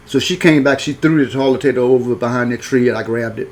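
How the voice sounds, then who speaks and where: A man's voice: mid-range voice, fast talker. A man telling a personal story in a frank, rambling folksy way, full of restarts. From rural upbringing.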